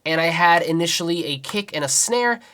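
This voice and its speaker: A young music producer casually walks through his beat in a tutorial, counting the rhythm aloud and explaining each layer over beat playback music. His voice is on the high side, expressive, pushed and bright, and a little fast.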